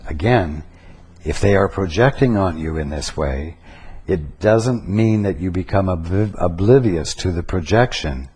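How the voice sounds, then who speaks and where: A man giving a spiritual teaching talk, slow and deliberate, pausing to stress single words. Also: low voice, expressive, darkish tone, slightly rough.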